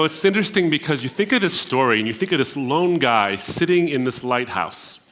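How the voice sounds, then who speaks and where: A middle-aged man from the Middle East preaches to a gathering, weaving a story into his sermon. His voice sits at an ordinary middle pitch. He climbs to emphatic peaks on key points and sometimes stumbles over repeated words as he searches for the next phrase. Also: a bit bright. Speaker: speaker at a Christian gathering.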